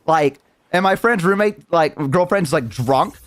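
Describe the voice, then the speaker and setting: A man's voice: on the high side, animated, measured pace, faint music behind. A young man streamer telling a story casually, rambling and swearing with lots of restarts.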